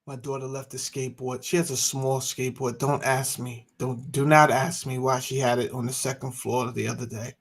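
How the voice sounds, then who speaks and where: A man's voice: medium pitch, little pitch movement, normal speed, few pauses. A man in his thirties hosting a casual chat, telling loose stories and bantering with his audience. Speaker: host.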